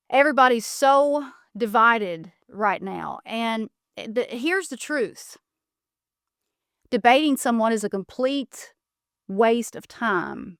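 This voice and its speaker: Direct, clear-voiced woman podcast host. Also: a little high, a bit bright, dry recording, studio quality. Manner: direct, emphatic, gives blunt advice. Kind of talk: solo advice podcast.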